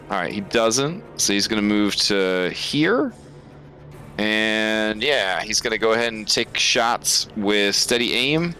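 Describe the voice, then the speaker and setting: A man's voice: fairly low pitch, pushed and bright. A man running a tabletop game as game master, thinking aloud with lots of fillers.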